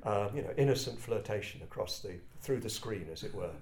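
An older English man from Kent telling personal stories to a group in a reflective, halting, self-deprecating way. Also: on the low side, expressive, creaky, a little mellow, a little hiss or hum. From England, Kent. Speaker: speaker addressing a group. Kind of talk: personal storytelling talk. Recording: roomy echo.

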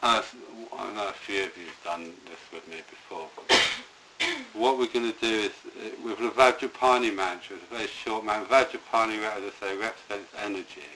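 A man's voice: lowish voice, animated, fairly quick, background noise. A man teaching a meditation class to a group in a room, talking in a rambling, hesitant way with many restarts. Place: indoor room with a live group.

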